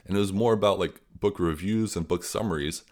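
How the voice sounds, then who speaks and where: A man's voice: deep voice, fairly quick, a little mellow. A young man who is a guest on an interview podcast, telling a story in an earnest, rambling way full of fillers.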